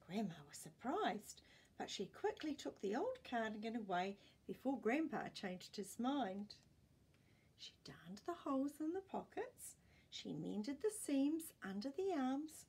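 A woman storyteller reading a children's picture book aloud in an expressive read-aloud manner. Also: on the high side, unhurried, slightly rough.

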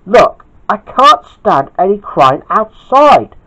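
A man's voice: high voice, very animated, slow pace, sharp tone, voice pushed up, full character voice, poor audio. A man voicing a cross, grumpy young man who talks in a snappish, impatient way.

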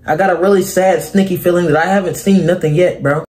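High-voiced, animated young man reacting. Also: fast talker. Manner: animated, exasperated, tosses in "bro" constantly. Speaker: reaction video host. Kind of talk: casual reaction commentary.

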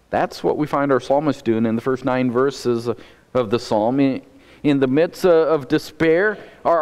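A man's voice: mid-range voice, a little mellow, in a large hall. A man preaching a sermon as pastor, earnest and often repeating a word as he starts a phrase.

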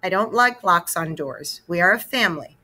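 A woman voicing a gentle, reassuring mother of two boys in a storybook reading, speaking patiently. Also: lowish voice, animated, normal speed. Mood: soothing.

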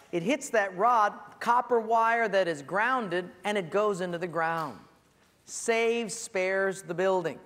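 A man preaching a sermon as a pastor, telling stories with lively acted-out voices and sudden shouts. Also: high-pitched, big-room sound. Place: church.

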